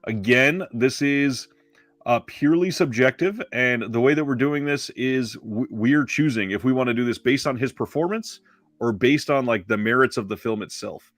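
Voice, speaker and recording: A man's voice: medium pitch, moderate pace, fairly bright tone, dry recording. A man co-hosting a casual movie podcast, rambling and correcting himself with lots of fillers. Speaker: podcast co-host. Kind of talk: casual movie-review chat.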